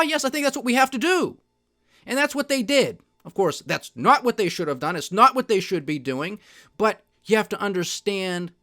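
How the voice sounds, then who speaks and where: High-voiced sardonic man ranting. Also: sharp tone. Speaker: podcast host. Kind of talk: solo political and market commentary.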